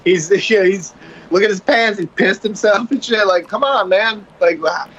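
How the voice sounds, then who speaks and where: A man telling a wild story as a podcast guest, animated and profane, acting out the voices of the people in it. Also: high-pitched, moderate pace, slightly rough, lo-fi sound. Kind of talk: casual storytelling.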